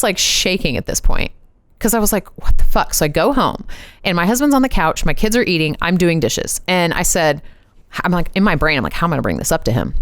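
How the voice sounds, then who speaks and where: A woman's voice: sits low, smooth, no room sound. A woman in her thirties hosting a podcast, telling a personal story in a chatty way and acting out the quoted dialogue. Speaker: podcast host. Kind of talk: casual storytelling.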